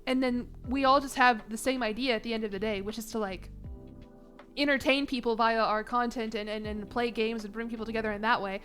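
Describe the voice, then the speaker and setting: A woman's voice: a little high, fairly even intonation, brisk, fairly bright tone, faint music behind. Chatty, emotional streamer woman. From Chicago, US. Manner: rambling, emotional, self-mocking, laughs often. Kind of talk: casual chat on stream.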